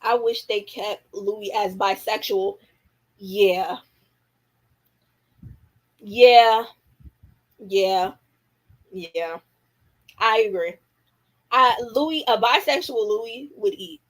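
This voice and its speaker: A woman's voice: mid-range voice, drawn-out words, long pauses, poor audio. A young woman hosting a casual livestream, candid and opinionated, talking in slang and answering viewer comments. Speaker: livestream host. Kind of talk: casual live-stream chat reacting to viewer comments.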